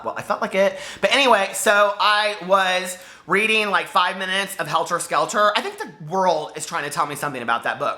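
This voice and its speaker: Animated, bright-voiced chatty book vlogger man. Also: high-pitched. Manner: animated storyteller, talks straight to viewers. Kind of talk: casual chatty vlog. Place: home.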